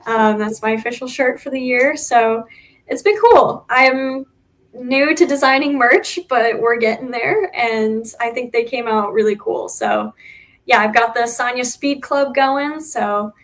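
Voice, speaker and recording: A woman motorcycle racer being interviewed, talking in a friendly, relaxed way with many small fillers. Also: on the high side. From United States. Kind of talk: casual interview.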